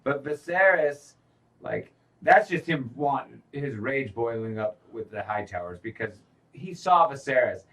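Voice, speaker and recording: A man's voice: mid-range voice, lively intonation, a little slow, fairly bright tone, far from the mic. A man co-hosting a casual show, talking loosely with lots of restarts and swearing. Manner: rambling, profane, loose. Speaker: podcast co-host. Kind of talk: casual chat.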